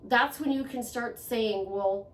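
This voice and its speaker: A woman talks through a motivational monologue in an earnest, conversational way, coming back to the same phrases to press a point. Her voice sits on the higher side. The recording is echoey, with her set back from the microphone. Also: takes it slowly, fairly bright tone. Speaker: self-help vlogger. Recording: echoey room, voice a bit far from mic.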